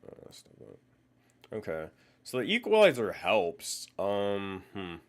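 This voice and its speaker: A man's voice: on the low side, wildly swooping pitch, a little slow. A man live-streaming in casual chat, swearing and muttering to himself while he fiddles with his audio settings.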